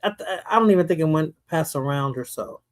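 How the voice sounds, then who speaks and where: A woman's voice: deep voice, expressive, quick pace. Chatty New York woman. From the Bronx, New York. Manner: chatty, laughs often, trails off into mumbles. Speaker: host. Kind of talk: casual chat.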